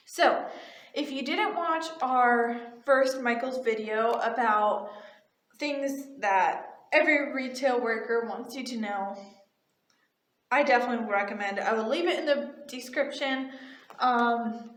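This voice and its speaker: A woman's voice: on the high side, unhurried, a bit bright, echoey room. A young woman who works retail tells a casual storytime in a chatty, gushing way with lots of "like" fillers. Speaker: retail cashier and vlogger.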